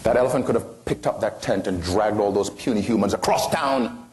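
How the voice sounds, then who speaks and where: A motivational speaker delivers an impassioned talk to an audience in a fairly low, darkish voice at a fairly quick pace. He drives his points home with rhetorical questions and big, sweeping swings in pitch.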